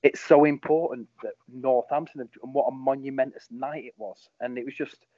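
A man, a former football captain, telling match stories in a casual interview, animated and full of ums. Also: medium pitch, fairly quick, no room sound, phone-quality sound. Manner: animated, rambling, lots of ums.

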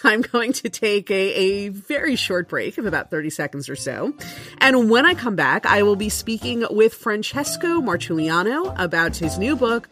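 A middle-aged woman from Miami hosting a podcast interview, chatty and quick to laugh at herself. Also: medium pitch, sing-song, over music. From Miami, Florida. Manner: chatty, laughs often, self-deprecating. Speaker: podcast host.

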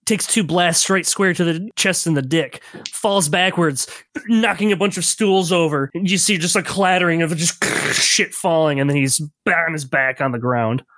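A man's voice: fairly high pitch, normal speed, a bit bright, no echo. A man narrating combat as game master in a tabletop role-playing game, vivid and gleeful.

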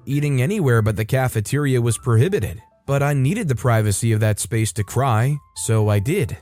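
A man tells a first-person story in a steady, even-pitched narration, now and then lifting his voice for the women he quotes. Soft music plays quietly under him throughout. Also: normal speed. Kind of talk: scripted narration of a reader story. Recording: soft music bed behind. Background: faint background music.

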